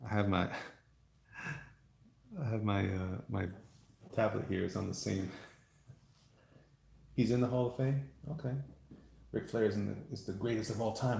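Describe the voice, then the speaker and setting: Rambling gravelly-voiced man on stream. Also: on the low side, steady tone, moderate pace, pauses often, darkish tone. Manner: rambling, self-mocking, chuckles often; talks to the chat. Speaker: live-stream host. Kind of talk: casual chat while drawing on stream.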